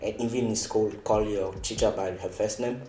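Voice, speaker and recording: Flat-toned man from Togo. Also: on the low side, normal speed. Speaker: panel guest. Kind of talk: casual group discussion. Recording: echoey room, music underneath.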